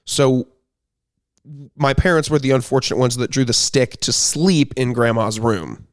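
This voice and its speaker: Casting: young male podcast host, relaxed and rambling, easy laugher, conversational. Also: medium pitch, unhurried. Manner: laid-back, rambling storyteller who laughs easily. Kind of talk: casual chat.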